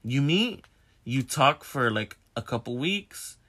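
Bright-voiced young man telling a story. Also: mid-range voice, slow pace, breathy edge. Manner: profane, candid and animated, talks straight to viewers. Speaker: vlogger. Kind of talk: casual confessional storytelling.

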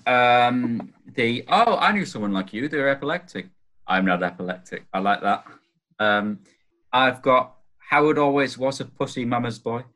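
A man's voice: mid-range voice, sharp tone. A man co-hosting a podcast, chatting casually about a film, hesitant and reading from his notes. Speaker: podcast co-host. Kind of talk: casual film review chat.

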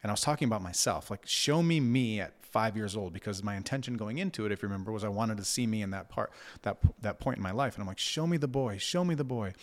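A man in his thirties telling a personal story in casual conversation, reflective and halting, with many fillers and restarts. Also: on the low side. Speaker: guest recounting an experience.

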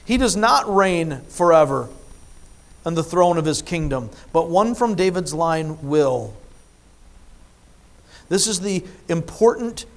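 A man preaching a sermon, reading scripture and explaining it, with emphatic swings between soft asides and loud stressed phrases. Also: fairly high pitch, animated, slow, pauses often. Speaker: pastor.

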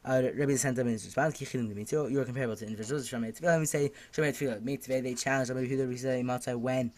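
A man's voice: medium pitch, steady tone, racing, a little mellow. A man teaching a daf yomi Talmud class, reading each Aramaic phrase and then translating it, with fillers and self-corrections.

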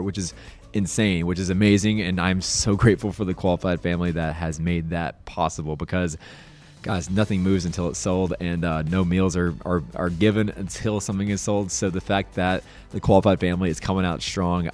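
A man's voice: sits low, darkish tone. A young man hosting a podcast, enthusiastic and upbeat, saying dude and y'all a lot. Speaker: podcast host.

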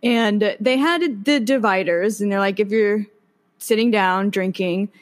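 A woman's voice: medium pitch, a little slow. A young woman chatting casually as a guest, laughing often as she tells her stories. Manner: giggly, laughs often while telling stories. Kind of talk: casual chat.

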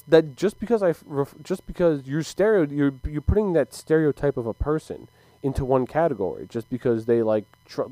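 A man's voice: medium pitch, warm tone, dry recording, rough recording. A young man ranting casually to camera, heated and profane, with frequent stumbles and restarts. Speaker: sports commentator.

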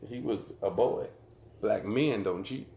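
A man co-hosting a podcast, telling crude stories and joking loudly in casual banter. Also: on the low side, measured pace, creaky, a little hiss or hum. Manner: loud, joking, profane storyteller. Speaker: podcast co-host. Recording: roomy echo.

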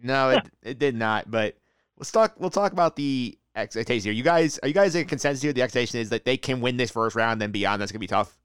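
A man's voice: mid-range voice, animated, fast, a bit bright, smooth, dry recording, studio quality. A man hosting a casual hockey chat, steering with questions and peppering his talk with "like". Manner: leads with questions, many "like" fillers. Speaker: podcast host.

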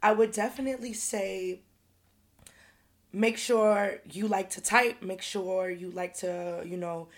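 A woman's voice: medium pitch, fairly even intonation, slow. A young woman in her twenties hosting her own podcast, talking candidly and chattily and swearing casually. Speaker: podcast host. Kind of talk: casual solo podcast chat.

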